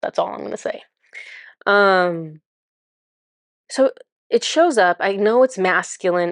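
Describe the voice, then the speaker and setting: A woman with a lowish voice recounts her spiritual experience in a loose, chatty way. She says "like" and "um" all the time. Her voice sounds close and dry, with no room around it. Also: no room sound. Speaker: spiritual channeler. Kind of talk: casual first-person storytelling.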